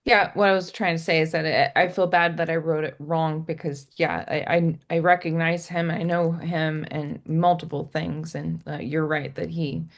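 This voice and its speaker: Giggly young woman with gravelly fry. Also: low voice, normal speed, hardly any pauses. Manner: giggly, animated retelling with acted quotes. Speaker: podcast co-host. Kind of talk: casual chat.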